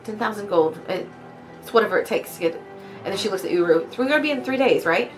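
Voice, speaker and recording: A woman's voice: mid-range voice, expressive, fast, faint music behind. A woman playing her character in a tabletop game, speaking hesitantly with fillers. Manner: hesitant with fillers, laughs often. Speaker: player. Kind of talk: tabletop role-play in character.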